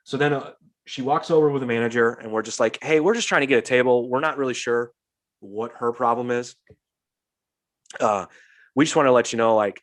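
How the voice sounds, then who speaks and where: A young adult man, a podcast host, telling a story in casual chat, acting out the quotes and swearing freely. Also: medium pitch.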